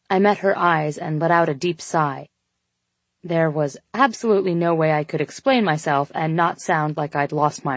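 Husky woman narrating an audiobook. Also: low voice, dry recording. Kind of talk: first-person scripted narration.

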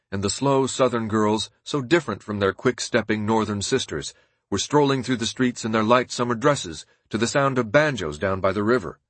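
Husky-voiced man reading a biography. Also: medium pitch, fairly bright tone, dry recording. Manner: measured, formal storytelling. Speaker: audiobook narrator. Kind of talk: scripted biography narration.

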